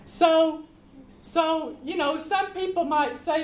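A woman preaching a sermon, reading scripture slowly and emphatically and calling the congregation to respond. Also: very high-pitched. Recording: echoey room with faint background noise.

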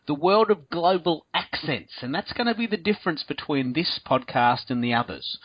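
A man's voice: a little high, dry recording. An enthusiastic, chatty man with an Australian accent, hosting a casual podcast chat. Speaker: podcast host. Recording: dull, dry lo-fi sound.

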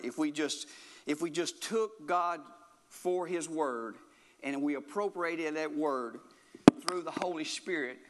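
A man's voice: fairly high pitch, fairly bright tone, long reverb tail. A man preaching a sermon in an earnest, repetitive way, often restarting his phrases.

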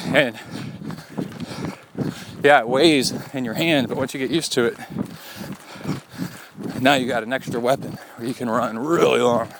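A middle-aged man, a podcast host, recording himself on a forest trail and telling a story in a rambling, chuckling way. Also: mid-range voice. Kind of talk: casual on-the-go recording. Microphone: handheld recorder carried on a run. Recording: outdoor field recording with steady noise.

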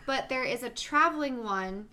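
A woman's voice: on the high side, lively intonation, normal speed, pushed and bright. A woman co-hosting a podcast in casual, enthusiastic chat, full of "like"s. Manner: enthusiastic, chatty, full of likes. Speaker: podcast co-host.

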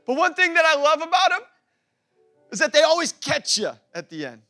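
A man preaching a lively sermon as pastor, laughing often and acting out quoted voices. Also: very high voice, a little fast, soft background music. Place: church.

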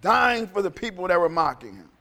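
A man's voice: high voice, sing-song, fairly quick, creaky, pushed and bright, in a large hall. A male pastor preaching a sermon in a conversational, storytelling way, often repeating phrases.

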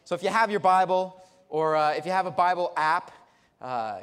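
In a church sanctuary, a pastor preaches a sermon through lively, chatty stories laced with humor. His voice sits high, a little fast and clean in tone, with long church reverb around it.

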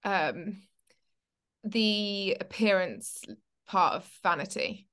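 A woman's voice: mid-range voice, lively intonation, extremely slow, a bit bright. A young woman co-hosting a casual Christian chat podcast, telling stories animatedly and acting out her own reactions. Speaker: podcast co-host.

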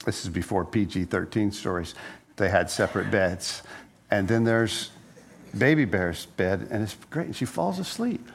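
Preaching in a relaxed, conversational style, a pastor jokes and tells stories, often doubling back on words. His lowish voice is expressive and gravelly, moving at a moderate pace with a slightly rough edge.

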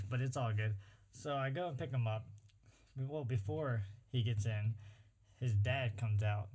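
A young man of middling pitch talks casually with a friend. He tells his story in an easygoing, joking way, with plenty of filler words along the way. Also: measured pace, darkish tone. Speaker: co-host telling a story. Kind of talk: casual chat.

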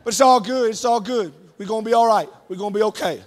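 A man's voice: high-pitched, fast, natural voice. A male pastor voicing a laid-back young rideshare driver with slangy speech. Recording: echoey hall reverb.

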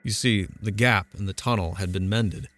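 A man's voice: fairly low pitch, steady tone, normal speed, fairly bright tone, soft background music, natural voice. A man reading an audiobook, voicing a haunted, defiant young man who recounts his ordeal with intense urgency. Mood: urgent.

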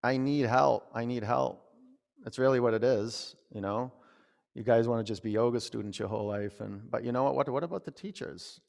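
A man's voice: mid-range voice, gravelly, big-room sound. A young man, a yoga teacher chatting and rambling as he leads a class. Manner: chatty, rambling, with many "you know"s. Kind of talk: talking while leading a yoga class. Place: yoga studio.

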